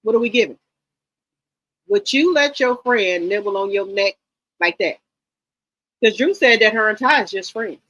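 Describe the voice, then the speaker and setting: A woman's voice: mid-range voice, lively intonation, normal speed, pauses often, a bit bright, lo-fi sound. A woman giving blunt, profane commentary on a reality show, questioning everything on a casual livestream.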